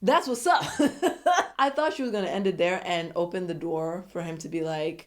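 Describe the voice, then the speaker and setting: A woman's voice: lowish voice, normal speed. A young woman recapping a reality show in a sassy, opinionated casual commentary, full of asides.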